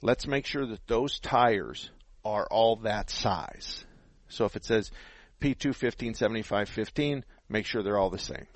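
A man's voice: fairly low pitch, a little slow, no room sound. A middle-aged man hosting a call-in car repair radio show, giving practical step-by-step advice in a folksy way while slightly out of breath. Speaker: radio show host, auto mechanic. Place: radio studio. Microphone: headset.

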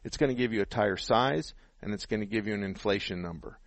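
A man's voice: on the low side, fast talker, no room sound. A middle-aged man hosting a call-in car repair radio show, giving practical step-by-step advice in a folksy way while slightly out of breath. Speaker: radio show host, auto mechanic. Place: radio studio. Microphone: headset.

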